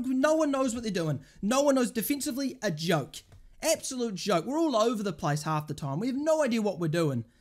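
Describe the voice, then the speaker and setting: A woman fan tears into her team's management in an angry, swearing rant. Her voice sits a little high for a woman and swings widely up and down as she goes from stunned disbelief to shouting. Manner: exasperated, swearing, ranting. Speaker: football fan channel host.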